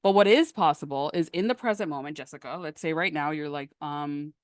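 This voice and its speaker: A woman coaching on a live stream in a lively, emphatic, conversational way, answering questions from the chat. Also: low-pitched, a little fast, hardly any pauses, dry recording, studio quality. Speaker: manifestation coach.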